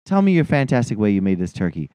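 A man's voice: lowish voice, fast talker, smooth, dry recording. A man in his thirties co-hosting a casual podcast, ranting with lots of swearing. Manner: animated, swears a lot, rants. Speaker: podcast co-host. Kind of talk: casual profane chat.

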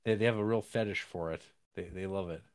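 A man co-hosting a podcast, casually recapping a film in a rambling, halting way with many restarts. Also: low-pitched, a crowd in the background. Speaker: podcast co-host.

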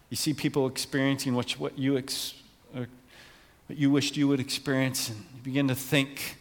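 A man's voice: medium pitch, big-room sound. A man preaching a sermon in an earnest way that rises to passionate emphasis. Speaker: pastor.

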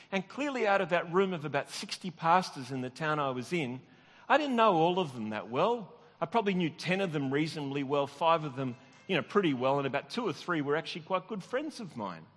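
A middle-aged pastor preaches in a relaxed storytelling way, chuckling at himself and restarting his sentences. His voice sits a little high for a man. The sound carries the long reverb of a large hall. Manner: conversational, self-deprecating, with frequent restarts and laughs. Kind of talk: sermon with personal storytelling.

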